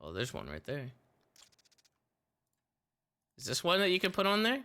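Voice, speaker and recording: Male streamer, bright and animated, profane, excitable banter. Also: on the high side, moderate pace, clean tone. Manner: swearing, laughing, excitable outbursts. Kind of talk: casual gaming stream chat.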